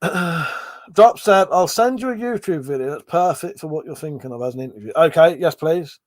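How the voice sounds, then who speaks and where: Male streamer, casual and chatty, slightly high pitch, dry close sound. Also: lively intonation, moderate pace, no echo. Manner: chatty, reads out viewer comments, swears casually. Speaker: livestream host. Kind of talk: casual livestream chat.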